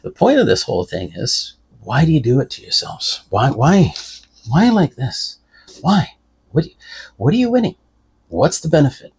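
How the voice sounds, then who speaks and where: A man's voice: a little high, wildly swooping pitch, moderate pace, gravelly, darkish tone, husky. An older man talking in a folksy, rambling way, giving preachy advice from inside a car. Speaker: vlogger. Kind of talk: casual rambling talk to camera.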